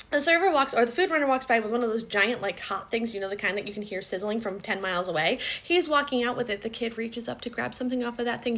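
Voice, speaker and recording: A woman's voice: fairly high pitch, bright, forceful tone. A young woman telling a story to camera in a blunt, profane, indignant rant. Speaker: restaurant worker telling a story.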